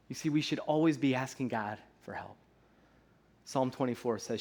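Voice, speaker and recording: Speaking at a moderate pace in a mid-range voice, this man, likely in his thirties, is a pastor preaching in a church sanctuary. His style is easygoing and chatty, with frequent "right?" check-ins and playful character voices.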